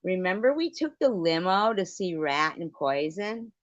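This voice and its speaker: A woman's voice: lowish voice, sing-song, a little slow, no echo. A middle-aged woman hosting a livestream, telling stories in casual chat and answering viewers, laughing often and swearing freely. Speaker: livestream host. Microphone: computer mic on a livestream. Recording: dry, dull lo-fi stream audio.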